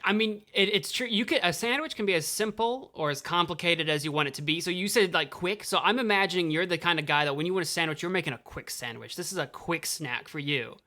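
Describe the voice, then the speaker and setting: A man's voice: fairly high pitch, fast talker, few pauses, bright, forceful tone. A young man co-hosting a podcast in casual chat, playful and jokey, laughing often. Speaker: podcast co-host.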